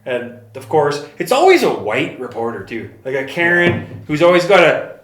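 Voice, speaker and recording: Animated, swearing man in echoey room. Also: fairly high pitch, normal speed. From Canada. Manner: animated storyteller, swears freely. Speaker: podcast co-host. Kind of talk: casual podcast chat.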